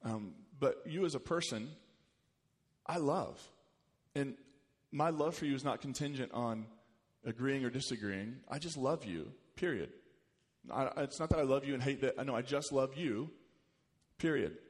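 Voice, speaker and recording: Man, pastor preaching, mid-pitched voice, animated delivery, long reverb of a church hall. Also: normal speed. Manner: animated, rises in pitch and volume when quoting scripture. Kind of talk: sermon.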